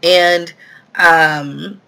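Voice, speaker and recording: A woman's voice: lowish voice, steady tone, extremely slow, gravelly, pushed and bright. A woman hosting a live question-and-answer stream, talking casually with lots of fillers as she answers viewer questions. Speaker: real estate investing host.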